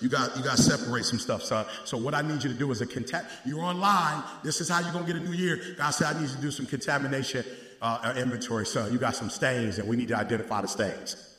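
A man preaching a sermon in call-and-response style, climbing into shouted peaks and dropping back to quick asides to the congregation. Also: medium pitch. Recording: echoey hall, roomy.

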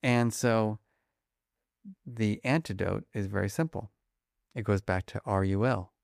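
Gravelly, fast-talking man being interviewed. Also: lowish voice, dry recording, clean studio sound. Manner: animated, fast-talking, acts out examples. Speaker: guest, emotion researcher. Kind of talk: conversational interview.

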